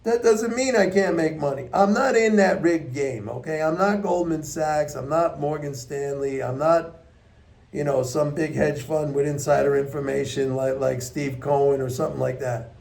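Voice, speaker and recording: A man's voice: a little high, fairly even intonation, moderate pace, creaky, darkish tone. A man giving blunt, emphatic, unscripted market commentary to his viewers, often repeating points for stress. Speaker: economics commentator.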